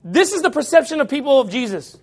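A man with a very high speaking voice delivers a sermon. He preaches forcefully, raising his voice, and mimics his critics with mocking tones. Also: big pitch swings, fast talker. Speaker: pastor.

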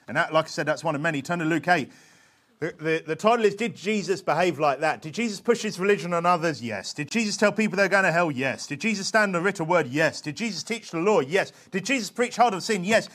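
A man preaches a sermon in a voice that sits high for a man. He moves between quiet asides and scripture shouted at full force. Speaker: pastor.

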